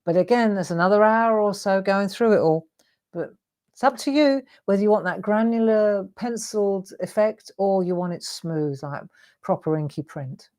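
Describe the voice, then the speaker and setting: A woman's voice: mid-range voice, moderate pace, darkish tone. A woman hosting a live craft tutorial, chatting in a self-deprecating way while she colours in.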